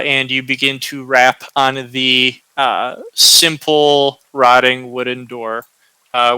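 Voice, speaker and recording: A man narrating as game master of a tabletop game, slow and hesitant, with many fillers. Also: mid-range voice, bright, forceful tone, clear, resonant tone, no echo, low-quality recording.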